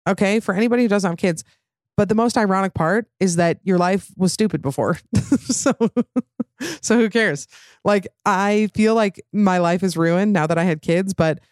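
A woman's voice: on the low side, darkish tone, dry recording, clean studio sound. A young adult woman hosting a casual, candid chat, rambling with many fillers and frank swearing.

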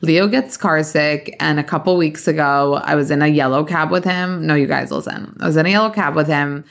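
A young adult woman hosting a podcast, chatting casually and telling dramatic, animated stories with some swearing. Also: low-pitched, a little fast, gravelly. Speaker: podcast host. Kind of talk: casual chat.

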